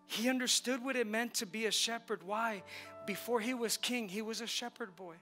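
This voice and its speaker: A man's voice: extremely high pitch, normal speed, bright, forceful tone, faint music behind. A male pastor preaching a sermon in a church, leading the congregation in call-and-response with emphatic repetition. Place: church sanctuary.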